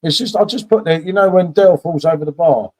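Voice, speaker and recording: An English man chatting casually over beers, talking fast and swearing now and then. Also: fairly high pitch, a little mellow.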